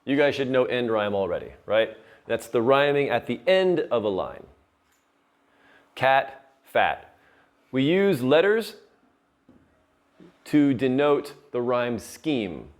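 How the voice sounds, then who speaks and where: A man's voice: medium pitch, very animated, unhurried. A male teacher giving a lesson on poetry terms, patiently explaining and checking in with his students.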